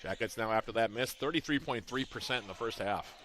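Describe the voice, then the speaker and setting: Bright-voiced man calling basketball play-by-play. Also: mid-range voice, slight background noise. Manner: brisk, rhythmic calling of plays with stats. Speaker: play-by-play announcer.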